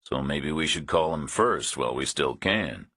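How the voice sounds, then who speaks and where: A tough, blunt male hero speaks in a flat, matter-of-fact way, voiced by a male narrator. His voice is extremely deep and husky. The sound is dry and close-miked. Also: normal speed, no echo, full character voice. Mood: threatening. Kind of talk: audiobook character voice.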